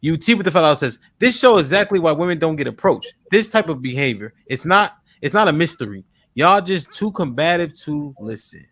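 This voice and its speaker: A man hosting a livestream talk show, reading donor messages aloud quickly and asking guests direct questions. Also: a little high, expressive, fairly bright tone, no room sound. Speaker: livestream host. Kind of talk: casual chat, reading super chats aloud. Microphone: studio microphone.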